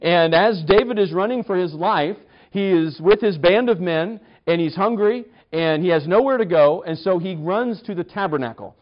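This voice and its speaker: Man leading a bible study, fairly high voice, wry and chatty, stumbles and restarts, slightly dull lo-fi recording. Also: moderate pace. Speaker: Bible teacher. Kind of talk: conversational Bible study teaching.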